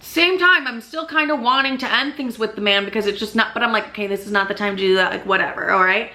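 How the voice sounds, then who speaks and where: A young woman with a bright, sharp-edged voice tells a personal story straight to her viewers. She talks casually and emphatically, peppering every sentence with "like" and frequent swearing, sounding candid and unfiltered. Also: medium pitch, fast. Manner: emphatic and chatty, heavy swearing and constant "like" fillers. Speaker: YouTube vlogger.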